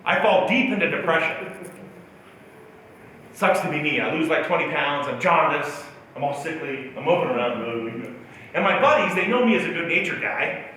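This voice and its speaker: A man's voice: on the high side, lively intonation, normal speed, pushed and bright, slight background noise. A male motivational speaker telling a self-mocking personal story at a keynote talk in a large auditorium. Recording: echoey hall from far off.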